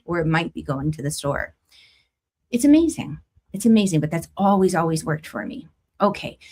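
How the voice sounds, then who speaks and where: A middle-aged woman hosting a spiritual astrology talk, chatting casually with viewers and laughing often. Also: fairly low pitch. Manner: warm conversational, laughs often, lively emphasis. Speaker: astrology and tarot host.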